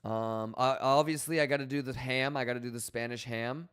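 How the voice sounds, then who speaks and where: A young man live-streaming in a loose, rambling way, chatting casually and shouting out viewers by name. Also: mid-range voice, steady tone, brisk, clear, resonant tone. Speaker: livestreamer.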